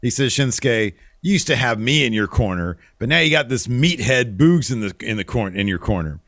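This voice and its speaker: A man co-hosting a podcast, casually recapping wrestling and acting out the wrestlers' lines in animated voices. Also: medium pitch, fairly quick, no room sound, clean studio sound. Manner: retells matches with animated quoted voices. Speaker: podcast co-host.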